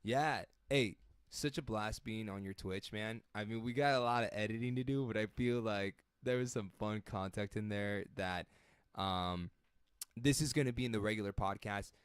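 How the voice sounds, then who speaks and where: A man's voice: on the low side, normal speed, clear, resonant tone, dry recording, studio quality. A man co-hosting a podcast in casual chat, joking around and swearing freely. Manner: jokey, playful, swears casually. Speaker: podcast co-host.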